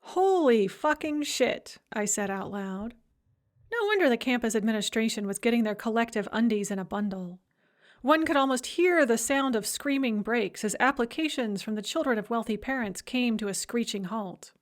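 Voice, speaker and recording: A woman's voice: fairly high pitch, expressive, fairly quick. A woman reading an audiobook in a wry, dry first-person storytelling voice. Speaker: audiobook narrator.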